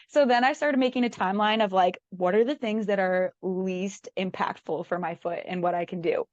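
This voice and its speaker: A woman's voice: mid-range voice, fairly quick, few pauses, no room sound. A woman guest telling her own story in casual chat, acting out her thoughts with lots of "like". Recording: dull lo-fi dry sound.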